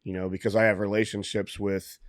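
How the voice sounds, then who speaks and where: A man's voice: on the low side, level tone, fairly quick, no echo, clean studio sound. A man hosting a podcast, talking in a blunt, candid way and swearing casually. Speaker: podcast host. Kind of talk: casual conversation.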